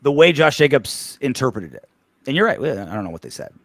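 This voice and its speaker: A man's voice: mid-range voice, no echo. A man co-hosting a sports podcast in casual chat, swearing and restarting his sentences a lot. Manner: animated, swearing, rapid restarts. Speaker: podcast co-host.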